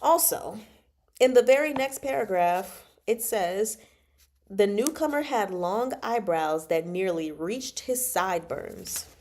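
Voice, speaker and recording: Slow-talking playful woman book host. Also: medium pitch. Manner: playful, laughs often, animated reactions. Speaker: book club host reading and reacting. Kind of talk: casual chat about a novel.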